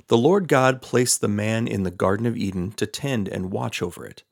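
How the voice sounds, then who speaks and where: A man reading scripture aloud in a steady, measured way, lightly voicing the quoted speech. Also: lowish voice, creaky, no room sound, clean studio sound. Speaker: Bible reader.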